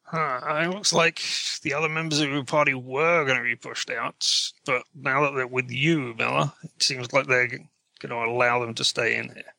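Gravelly, bright-voiced man running the game. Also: mid-range voice, steady tone, no room sound. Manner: chatty, self-correcting, quick to laugh. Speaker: game master. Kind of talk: narrating a tabletop game.

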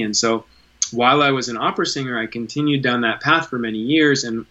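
A man in his thirties speaks as a podcast guest, earnest and candid, restarting sentences and swearing now and then. His voice is bright and forceful. The recording sounds dull and lo-fi. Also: mid-range voice, fairly quick. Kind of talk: candid conversational storytelling.

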